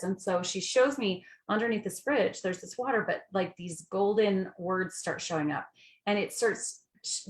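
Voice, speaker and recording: A woman's voice: mid-range voice, echoey room. A woman, a bereaved mother, telling her story as a guest in an earnest, descriptive way, with vivid images. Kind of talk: personal storytelling.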